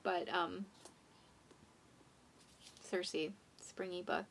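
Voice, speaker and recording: A young woman chatting casually about books for her vlog, self-deprecating and drifting into soft asides. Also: lowish voice, flat delivery, extremely slow, slight background noise. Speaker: book vlogger. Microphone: phone condenser mic.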